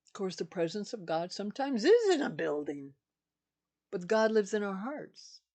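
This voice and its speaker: A woman's voice: mid-range voice, big pitch swings, normal speed, a little mellow. Older female spiritual teacher, emphatic and repetitive delivery, mid-range voice.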